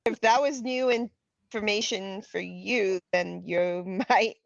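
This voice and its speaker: A woman's voice: medium pitch, slow, gravelly, dry recording, lo-fi sound. A woman player in casual chat, laughing often.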